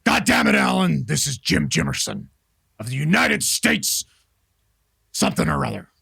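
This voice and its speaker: A man voicing a hot-headed American official who curses and bullies while he shouts. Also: on the high side, huge pitch swings, normal speed, gravelly, husky, exaggerated voice. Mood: bullying. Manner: bellowing, swearing, bullying. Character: hot-headed cursing male American official named Jim.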